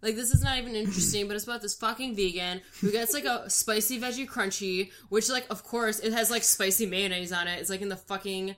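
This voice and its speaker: A young woman with a bright, sharp-edged voice, talking casually as a guest. She tells stories with quoted back-and-forth and swears freely. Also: medium pitch, a little fast, hardly any pauses. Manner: swearing, storytelling with quoted exchanges. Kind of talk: casual chat.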